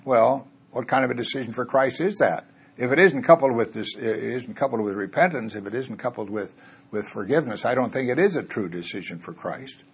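A man's voice: mid-range voice, brisk, husky. A man preaching a conversational sermon in a church, asking his listeners rhetorical questions and chuckling now and then.

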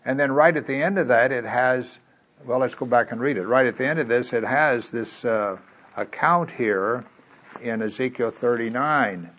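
A man preaching a sermon in a folksy, conversational way. He drops to quiet asides and then reads scripture loudly and emphatically. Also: medium pitch, normal speed, lo-fi sound. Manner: swings from quiet asides to loud emphatic reading.

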